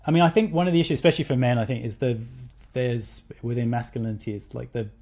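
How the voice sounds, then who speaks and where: Host: quick-talking man, earnest, thinks aloud. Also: medium pitch, steady tone, a little mellow. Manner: earnest, rambling with restarts. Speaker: podcast host. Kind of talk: casual podcast conversation.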